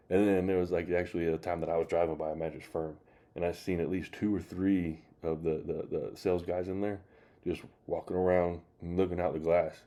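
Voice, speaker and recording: A man's voice: low voice, mellow. A man hosting his channel, rambling in casual commentary with many fillers. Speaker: channel host reacting to clips.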